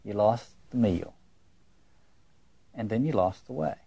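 A man's voice: on the low side, animated, a little slow, gravelly, dark tone, breathy edge. A man giving a lecture on literature and religion. He muses aloud, repeats his words and asks rhetorical questions.

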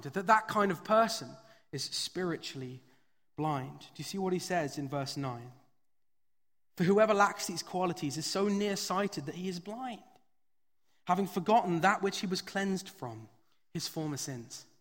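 Bright-voiced man preaching in a hall. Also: high voice. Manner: conversational storytelling with frequent fillers. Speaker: pastor. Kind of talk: sermon. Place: church hall, live service. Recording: long reverb of a large hall.

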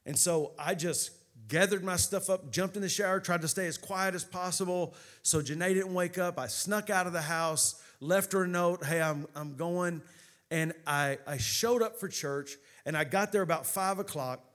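A male pastor telling a personal story in a sermon, swinging between hushed narration and loud, rising preaching. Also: sits high, normal speed.

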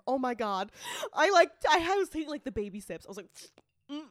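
Lively, bantering woman co-host. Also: fairly high pitch, fairly quick, no echo, studio quality. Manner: playful, bantering. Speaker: podcast co-host. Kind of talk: casual chat.

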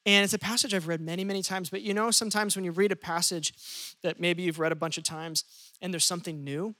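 A pastor preaching a lively sermon, shifting pace often and acting out quoted speech. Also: medium pitch, quick pace.

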